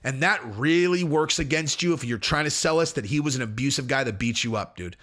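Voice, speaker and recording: A man's voice: mid-range voice, fairly quick, a bit bright. A man hosting casual commentary, talking in an emphatic, rambling way with frequent restarts. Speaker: host.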